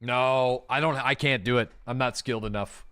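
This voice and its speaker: Male gaming streamer, mid-range voice, relaxed live-chat delivery with fillers. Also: mid-range voice, normal speed, clean tone. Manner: relaxed and chatty, with frequent fillers and asides to chat; thanks subscribers by name with warm enthusiasm. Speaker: livestreaming gamer and host.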